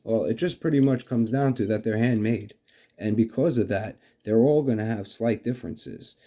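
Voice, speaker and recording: A man's voice: on the low side, normal speed, warm tone. A man with a New York accent casually demonstrating fishing lures, rambling with many fillers like "you know". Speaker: fishing channel host.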